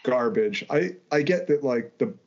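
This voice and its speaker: A man's voice: medium pitch, expressive, a little slow, a little mellow. Swearing, ranting man on a lo-fi podcast. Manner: ranting, swears freely, stumbles and restarts. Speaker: podcast co-host. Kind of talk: casual podcast chat. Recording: dull lo-fi audio.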